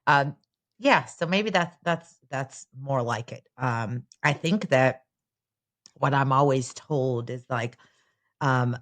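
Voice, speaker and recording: A woman's voice: very deep voice, fairly bright tone. A woman in a casual podcast chat, speaking candidly and frankly, with casual swearing and filler words.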